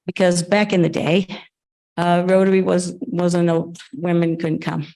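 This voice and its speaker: A woman's voice: on the low side, level tone, measured pace, creaky, mellow, poor audio. Effusive woman speaking at a club event. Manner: earnest and effusive, with frequent restarts and laughs. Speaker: Rotary event interviewer. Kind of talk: emotional conversational talk at an event.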